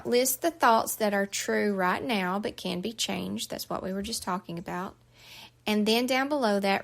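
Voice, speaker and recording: A middle-aged woman explains a journal exercise in a casual, instructive way. Her voice sits at an ordinary pitch with a gravelly, creaky texture. She talks directly and firmly, checking in often with the listener. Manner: direct, firm and chatty, with frequent "okay?" checks. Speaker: journal author and life coach.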